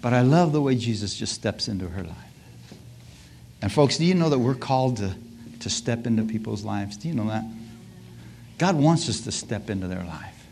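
A man's voice: lowish voice, moderate pace, creaky, long pauses, a little hiss or hum. Man preaching with hallelujahs and laughter. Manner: call-and-response asides, frequent hallelujahs and laughs; acts out scripture scenes in lively voices. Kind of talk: sermon.

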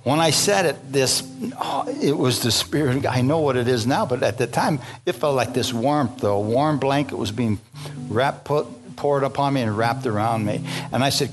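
Older preacher calling for amens over music. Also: male voice, medium pitch, moderate pace. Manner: fervent, folksy, calls for amens. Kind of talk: sermon.

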